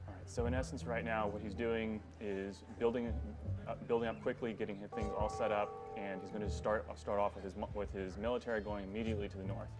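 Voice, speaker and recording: A man with a low voice talks through a speedrun, explaining each step with frequent um and uh. Game music plays clearly behind him. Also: level tone, fairly quick. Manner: explanatory, many fillers. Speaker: commentator on a speedrun. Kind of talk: casual gameplay commentary.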